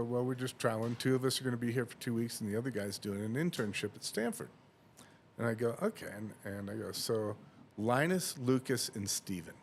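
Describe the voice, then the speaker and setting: Man telling a story, lively. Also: mid-range voice, a little hiss or hum. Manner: animated, acts out dialogue, laughs often. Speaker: podcast host. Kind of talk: storytelling in casual chat.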